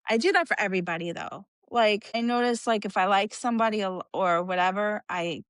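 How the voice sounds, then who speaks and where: A woman's voice: mid-range voice, brisk, a bit bright, clean tone, dry recording. Woman, casual podcast co-host, chatty, full of fillers, dry close sound. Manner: chatty, filler-heavy, frequent "like". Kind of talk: casual chat.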